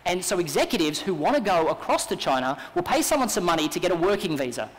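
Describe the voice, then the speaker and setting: A man with an Australian accent giving an energetic, persuasive keynote talk at a business conference. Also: high voice, fast talker. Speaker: business speaker. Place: large conference hall. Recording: long hall reverb.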